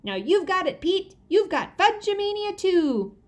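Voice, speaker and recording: A woman's voice: on the high side, lively intonation, slow pace. A woman voicing a silly, wild little boy in a children's audiobook, giddy and sing-song.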